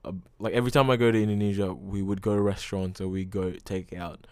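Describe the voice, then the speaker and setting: Rambling, swearing man with a smooth voice. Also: deep voice, fairly even intonation, quick pace, no echo, clean studio sound. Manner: rambling, full of "like" and frequent swearing. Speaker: podcast host. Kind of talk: casual solo podcast monologue.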